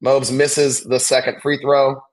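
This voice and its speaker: A man hosting a live basketball watch-along, chatting casually and calling plays with excitement. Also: mid-range voice, measured pace. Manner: chatty, excitable, reacts loudly to big plays.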